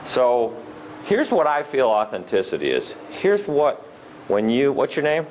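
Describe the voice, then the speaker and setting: A man's voice: mid-range voice, wildly swooping pitch, unhurried, a little mellow, slight background noise. A middle-aged man from Ohio giving a live motivational keynote, telling earnest personal stories and acting out the voices in them. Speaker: motivational speaker.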